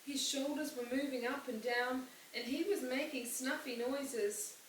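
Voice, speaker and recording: A woman teacher reading a novel aloud to her class, with clear, expressive storytelling. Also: high-pitched, a little slow. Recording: roomy, distant mic, faint hiss.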